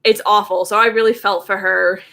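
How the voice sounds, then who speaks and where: A woman's voice: mid-range voice, fairly even intonation, fairly quick, gravelly, fairly bright tone. A woman co-hosting a podcast in casual chat, laughing often and gushing with lots of "like.". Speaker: podcast co-host.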